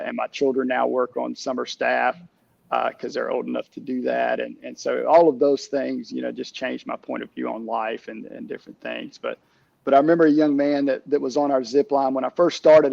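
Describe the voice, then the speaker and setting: A middle-aged man, a camp director, telling stories in a casual interview, halting with many restarts and fillers. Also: medium pitch, level tone, vocal fry, no room sound, muffled recording.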